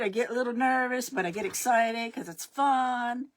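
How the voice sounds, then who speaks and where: With a fairly high pitch and a moderate pace, a middle-aged woman chats casually while hosting her crafting livestream. She greets each viewer by name as they join.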